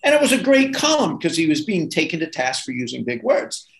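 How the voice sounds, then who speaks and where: A man's voice: a little high, very animated, a little fast, poor audio. An older man, a former magazine editor and magician, telling chatty anecdotes in a casual interview and laughing often.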